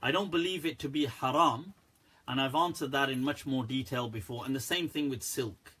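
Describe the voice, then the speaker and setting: A man, an Islamic scholar, answering viewer questions on a live stream in a candid, animated way, laughing often. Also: medium pitch, moderate pace, slightly rough.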